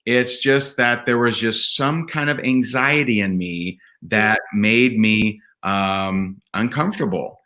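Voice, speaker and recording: A man telling personal stories as a podcast guest, earnest and animated, often restarting his sentences. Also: fairly low pitch, slow pace, hardly any pauses. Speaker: podcast guest, event speaker. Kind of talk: candid conversational storytelling.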